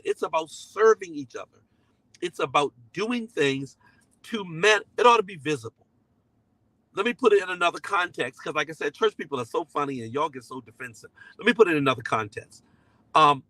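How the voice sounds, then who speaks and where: A man's voice: high-pitched, pushed and bright, no echo, low-quality recording. Earnest middle-aged preacher man, dry sound. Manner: conversational and emphatic, repeating key phrases; slips into voices when quoting people. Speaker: pastor. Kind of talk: sermon-style teaching to a live online audience.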